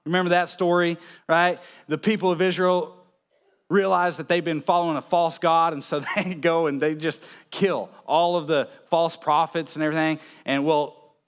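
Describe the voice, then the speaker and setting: Male pastor, casual storyteller in the pulpit, lightly raised pitch, quick "right?" asides. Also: steady tone, clear, resonant tone. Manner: storytelling, often checks in with "right?"; chuckles between points. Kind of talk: conversational sermon. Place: church.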